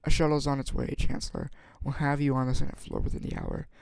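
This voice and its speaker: A man's voice: medium pitch, huge pitch swings, fast, gravelly, a little mellow, smooth, no echo. A man voicing a stern warrior commander. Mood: firm. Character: stern middle-aged male warrior leader.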